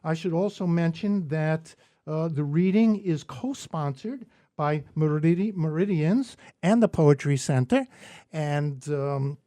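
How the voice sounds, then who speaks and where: A man's voice: fairly high pitch, mellow. A man with a Brooklyn New York accent hosting a radio poetry show, chatting casually with many ums and jokes. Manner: halting, many ums, joking. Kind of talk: casual radio interview chat.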